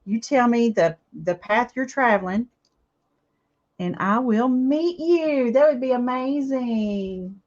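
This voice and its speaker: A woman's voice: fairly high pitch, slow pace, lo-fi sound. A middle-aged woman chats earnestly with her viewers while crafting. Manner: chatty, earnest, addresses viewers warmly as y'all. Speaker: craft livestream host. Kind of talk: casual chat while crafting. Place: home, indoors.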